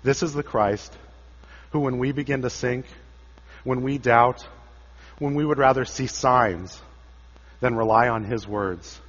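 A man preaching a dramatic sermon, his voice swelling for quoted cries and sinking low for the solemn moments. The sound is a bit dull and muffled, with a long reverb trailing off every phrase. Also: a little slow, long pauses. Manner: dramatic, rises for quoted cries and drops low for quiet lines.

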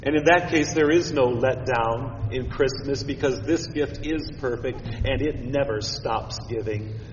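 A man's voice: mid-range voice, measured pace. Man preaching in an echoey church. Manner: expressive, swings from hushed to emphatic. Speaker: pastor. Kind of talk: sermon. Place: church sanctuary. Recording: echoey church hall from far off, dull sound, faint hiss.

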